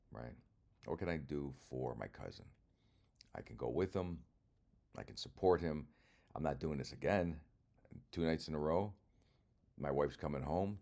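A very low, deep voice from an older man rambling casually. He is wry and self-mocking, drops swear words without a pause, and talks like a comedian telling stories to camera. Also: a little mellow.

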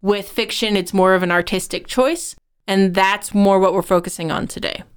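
Very smooth-voiced woman podcast co-host. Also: mid-range voice, fairly even intonation, normal speed. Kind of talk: conversational writing-advice podcast.

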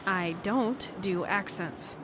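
A woman's voice: mid-range voice, slow pace, close to an everyday voice. A woman acting in an audio drama, grumpy, blunt and sarcastic. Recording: clear background noise.

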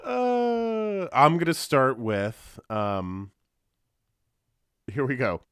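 A man's voice: mid-range voice, extremely slow, clean tone, no room sound, clean studio sound. A man with kids, a guest on a podcast, chatting casually and laughing often. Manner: animated, laughs often, acts out film quotes. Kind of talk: casual chat.

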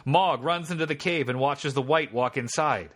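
A man's voice: a little high, moderate pace, a bit bright. A man hosting a podcast, reading out text-adventure game narration and chatting with jokes between passages. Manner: reads game text aloud, then chats and jokes.

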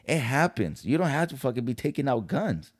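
A man's voice: medium pitch, big pitch swings, fairly quick. A man hosting a podcast, ranting in a casual, heated and profane way. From California. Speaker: podcast host. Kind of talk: casual commentary.

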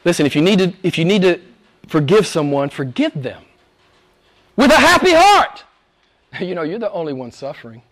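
A man preaching a sermon, rising to loud, high emphatic peaks and dropping to hushed near-whispers, with rhetorical questions and repetition. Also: sing-song, normal speed, long pauses. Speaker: pastor.

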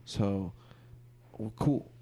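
A man's voice: lowish voice, very slow, dark tone. A man co-hosting a podcast in casual chat, laid-back and peppering his talk with "dude" and "like".

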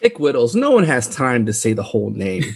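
A man's voice: mid-range voice, big pitch swings, a little fast, gravelly, breathy edge. An American man in his thirties, co-hosting a podcast in casual chat with dry jokes. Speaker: podcast co-host.

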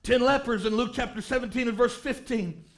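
A man preaching a revival sermon in church, reading scripture aloud and rising fervently into shouts on key phrases. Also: very high-pitched, a little fast. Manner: reads scripture aloud in old-style wording.

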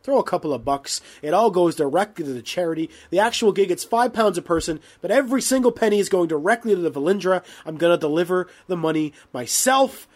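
A man's voice: high-pitched, animated, quick pace, hardly any pauses. A man co-hosting a podcast in brash, sweary, playful casual banter. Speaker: podcast co-host.

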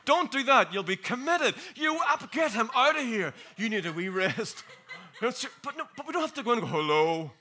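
Speaking at a normal speed in a very high voice, a jet-lagged, weary preacher delivers a playful sermon full of laughter and shout-outs to the congregation.

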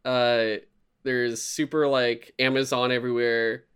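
Man, casual chat, rambling, profane, animated storyteller. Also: mid-range voice, unhurried, clean tone. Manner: rambling, profane, animated retelling with put-on voices.

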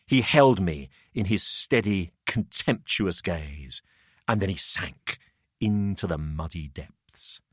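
A man narrating a macabre tale in the first person, expressive and dramatic. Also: deep voice, slow, slightly rough, dry recording, clean studio sound. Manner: expressive, rising to frantic shouts in dialogue.

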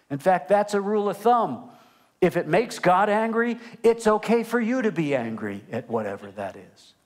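Preaching as pastor, an older man who is grandfather to a toddler delivers an animated, emphatic sermon in a high-pitched voice. He alternates between loud emphasis and hushed asides.

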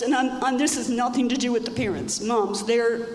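A woman's voice: on the high side, moderate pace, hardly any pauses. A middle-aged woman giving an emotional personal testimony at church, emphatic and repeating her phrases. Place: church hall. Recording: echoey hall with faint background noise.

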